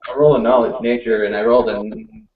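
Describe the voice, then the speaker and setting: Guy thinking out loud at a tabletop game, mid voice, muffled lo-fi. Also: medium pitch, steady tone. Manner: halting, thinking aloud. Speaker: player. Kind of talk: casual tabletop play. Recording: dull lo-fi recording.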